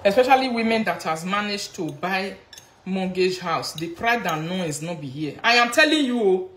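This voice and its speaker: Nigerian woman, live-stream gossip commentator; excitable, mocking rant in a roomy space. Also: mid-range voice, normal speed. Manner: excitable, mocking, switches between pidgin and local phrases.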